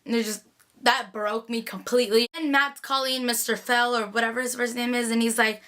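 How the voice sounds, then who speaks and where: A woman's voice: a little high, steady tone, fairly quick, a bit bright. A young woman gushing in a casual, chatty recap of a TV episode, full of "like".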